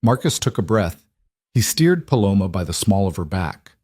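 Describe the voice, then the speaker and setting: A man reads a scripted story in a steady, even manner. His voice sits low. The recording is dry and close, with no room sound. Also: normal speed, husky, dry recording. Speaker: narrator.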